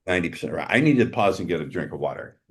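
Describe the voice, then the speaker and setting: A man's voice: sits low, expressive, very fast, gravelly. A man speaking as a guest on a dating-coach panel, blunt and sarcastic when he mocks rival coaches. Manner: blunt, mocking about rivals. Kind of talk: casual panel chat.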